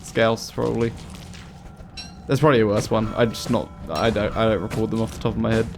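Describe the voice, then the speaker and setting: A man's voice: on the low side, fairly quick, music in the background. A man from the United Kingdom with a British accent, chatting casually on a live game stream while he plays and answers viewer questions. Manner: relaxed, answers chat questions while playing.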